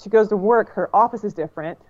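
A woman's voice: mid-range voice, fast talker, a little mellow, muffled recording. A woman co-hosting a casual chat, recounting an internet story in a chatty way full of "like" and "you know".

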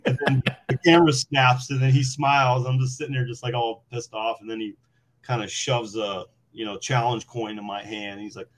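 A man's voice: medium pitch, normal speed. A former Marine recounting his experiences in a casual podcast conversation, laughing and leaning on fillers as he goes. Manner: animated, laughing, many fillers. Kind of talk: casual storytelling.

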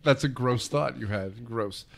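A man co-hosting a casual movie-review chat, rambling with lots of fillers and quick laughs. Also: medium pitch, vocal fry. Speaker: podcast co-host.

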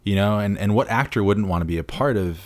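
A man with a very low voice chats about films on a podcast. He rambles eagerly and piles on fillers. The sound is close and dry. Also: fast talker, no echo. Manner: rambling, eager, full of "like" and "you know". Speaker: podcast co-host. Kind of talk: casual movie chat.

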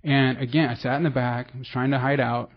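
On lo-fi sound, a man with a mid-range voice and little pitch movement talks fairly quickly through his personal recovery testimony. He's from the San Francisco Bay Area, and his telling is meandering and self-deprecating, full of restarts.

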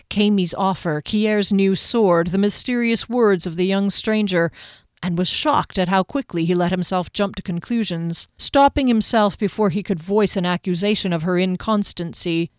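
Woman audiobook narrator, measured fantasy reading, smooth resonant voice, dry studio sound. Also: medium pitch, no room sound.

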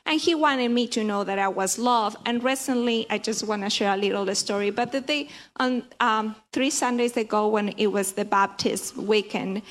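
Woman giving a church testimony, slightly high voice, earnest, stops and restarts often. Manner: earnest, halting with repeated restarts. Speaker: church member sharing testimony. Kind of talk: personal testimony in a group.

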